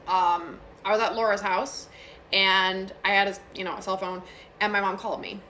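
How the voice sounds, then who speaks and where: Young woman, bright voice, casual ghost-story teller, faint hiss, phone video. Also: medium pitch. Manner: chatty, frequent fillers and asides.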